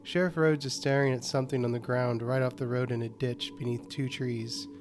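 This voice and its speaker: A man hosting a horror podcast and narrating a scripted short story in a calm, even delivery. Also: medium pitch, a little fast, noisy background.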